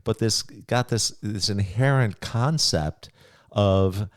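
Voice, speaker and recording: Middle-aged male podcast host, lowish voice, rambling and reflective delivery. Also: slow. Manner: rambling, reflective, with many restarts and chuckles. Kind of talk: casual podcast chat.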